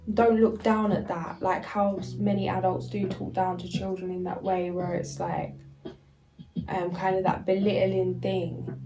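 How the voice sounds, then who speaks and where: A woman's voice: mid-range voice, creaky, rough recording. A woman doing a casual spiritual card reading, reading card messages aloud and then chatting loosely with fillers. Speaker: tarot and oracle card reader.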